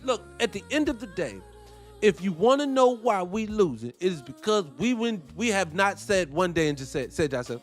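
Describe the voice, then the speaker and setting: High-pitched male host, preachy and blunt, faint music under him. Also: sing-song, brisk. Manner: preachy, blunt, profane street talk. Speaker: morning show host. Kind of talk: impassioned monologue.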